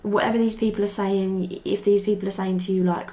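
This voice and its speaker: A woman's voice: mid-range voice, flat delivery, brisk, warm tone. A young woman giving a casual tarot reading to camera, rambling and chatty, swearing freely and saying "like" often. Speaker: tarot reader.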